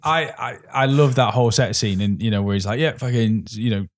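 A man's voice: lowish voice, fairly quick. A man chatting casually about films, sharing trivia and laughing often. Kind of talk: casual film chat.

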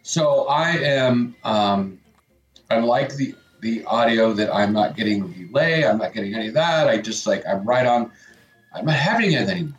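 A man's voice: mid-range voice, lively intonation, normal speed, reverberant, dull audio. A man co-hosting a casual morning show, rambling and restarting his sentences. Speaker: co-host.

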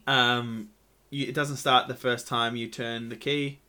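A man narrating a tabletop game as game master in a casual manner with quick asides. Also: mid-range voice, little pitch movement, pushed and bright.

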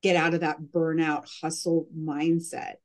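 A woman's voice: sits low, little pitch movement, measured pace. A woman who coaches mothers, talking earnestly in a casual podcast interview and using "like" often.

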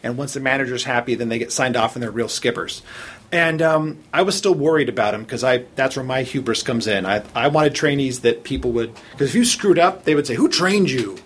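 A man telling a long, funny story in casual conversation, animated and self-mocking, laughing at his own jokes. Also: medium pitch, brisk, breathy edge. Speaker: storyteller on a chat show.

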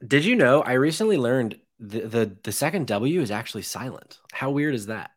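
A man's voice: mid-range voice, big pitch swings, moderate pace. A man co-hosting a casual drinking podcast, making dry, matter-of-fact jokes. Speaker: podcast co-host.

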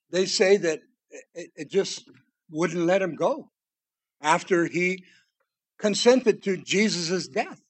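A man with a notably high-pitched voice delivers a verse-by-verse sermon. He talks straight to his listeners, calling them "guys" and telling them to listen. He punches some lines out loud, then drops to a near-hush for pleading asides. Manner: emphatic, swings between loud declarations and hushed pleading asides. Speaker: preacher. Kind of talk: expository sermon.

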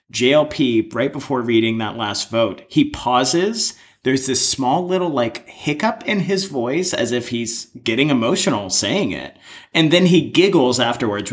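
A man with a middle-pitched voice talks with his co-host in a loose podcast recap. He speaks emphatically and expressively, dropping the odd swear word. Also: a bit bright. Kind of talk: casual recap chat.

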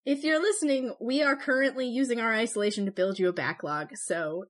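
A woman co-hosting a podcast jokes around and laughs a lot in relaxed conversation, turning businesslike as she works through history notes. Her voice leans high.

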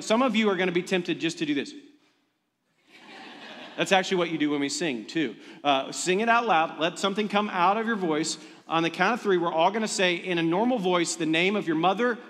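A middle-aged man, a pastor, preaching a sermon in a conversational, animated storytelling manner to his congregation in a church. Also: fairly high pitch. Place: church sanctuary. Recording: long reverb of a large hall.

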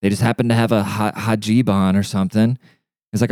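A man's voice: lowish voice, level tone, brisk, darkish tone, no echo, studio quality. A man ranting casually and sarcastically, swearing freely as he talks alone into the mic. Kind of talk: casual profane rant.

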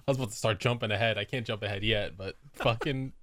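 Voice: mid-range voice, fast, dry recording. A podcast co-host in casual comedic chat, swearing and acting out quotes. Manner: animated, swearing, acts out quotes.

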